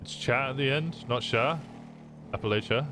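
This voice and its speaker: Chatty young Midlands Englishman, lowish voice. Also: a little fast, background noise. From England. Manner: chatty, swearing, stumbling over words. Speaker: streamer. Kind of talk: casual chat with viewers.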